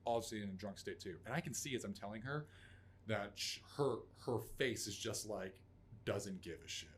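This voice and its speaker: Interview guest: man, 30s, lowish voice, profane raw storytelling, faint room noise behind. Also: normal speed. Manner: raw, profane, acts out quotes in loud outbursts. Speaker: podcast guest, Army veteran.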